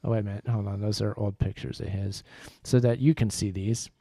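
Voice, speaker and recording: A man's voice: on the low side, steady tone, a little fast, vocal fry, warm tone, no room sound, clean studio sound. A man co-hosting a casual live-stream podcast, rambling and correcting himself as he plugs the show's channels. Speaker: podcast co-host.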